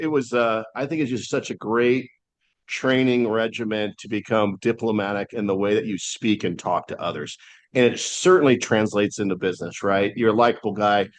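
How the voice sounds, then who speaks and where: A man's voice: mid-range voice, no echo. A man hosting a podcast, asking questions in a friendly, loose way with many fillers. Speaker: podcast host. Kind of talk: casual interview.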